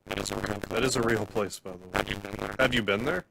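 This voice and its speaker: A gaming livestreamer with a lowish, creaky, somewhat bright voice talks at a measured pace into a desk microphone, with a little hiss or hum. He rambles chattily while playing and chatting with viewers, saying "like" constantly as he gives casual live commentary.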